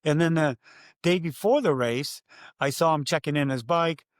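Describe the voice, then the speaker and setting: An older man, a former race announcer, telling stories in an interview and acting out his own loud calls. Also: a little high, normal speed, no room sound, studio quality. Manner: animated storyteller, acts out his own calls loudly. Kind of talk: conversational storytelling interview.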